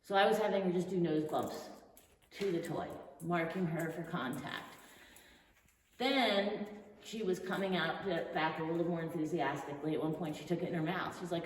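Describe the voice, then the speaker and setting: A woman dog trainer talks through a live training session, switching between cheerful praise and steady explanation. Her voice sits somewhat low and comes from a distance. A big echoing hall surrounds her, with a clear layer of noise behind. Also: moderate pace. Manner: upbeat praise mixed with calm explanation. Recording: echoey hall from a distance, noisy.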